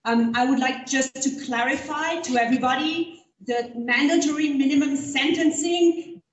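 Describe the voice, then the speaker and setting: Woman from Oregon, very high voice, firm public comment, echoey hall. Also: normal speed, highs cut off, slight background noise. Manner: firm, pointed, with hesitant fillers. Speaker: local resident at a community meeting. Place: large community meeting hall. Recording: echoey hall recorded from far off.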